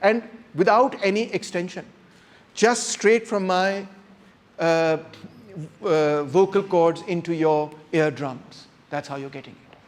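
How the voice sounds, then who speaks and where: An animated man lecturing a class, his voice sitting fairly high for a man. He talks straight to the room without a microphone, acting out examples with strong emphasis. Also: takes it slowly. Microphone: no microphone, unamplified voice.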